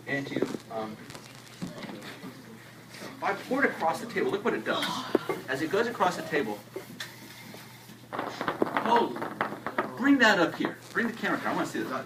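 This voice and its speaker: A middle-aged man teaching a classroom science demonstration, animated and joking, often restarting his sentences. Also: fairly high pitch, normal speed, long pauses. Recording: roomy classroom audio from a distant camera, with noise.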